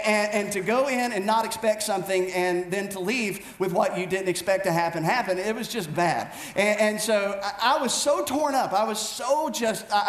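A man preaching a storytelling sermon as pastor, animated and self-mocking, with many quick restarts. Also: high-pitched. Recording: echoey room with faint background noise.

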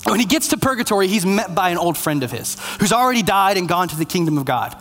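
A man's voice: high-pitched, animated, fast talker, fairly bright tone. A man preaching a sermon in an earnest, conversational way. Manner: earnest, conversational, self-deprecating. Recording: long hall reverb, faint music.

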